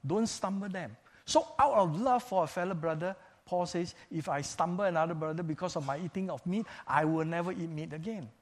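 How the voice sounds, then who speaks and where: Man, preacher, sermon, measured and emphatic, repeats key phrases, slightly higher voice.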